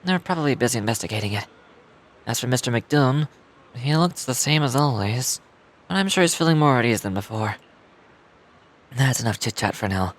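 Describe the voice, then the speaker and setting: A man's voice: mid-range voice, expressive, moderate pace, long pauses, lightly acted. An actor playing an eager young man in a game, upbeat and encouraging, over background music. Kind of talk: dubbed game dialogue.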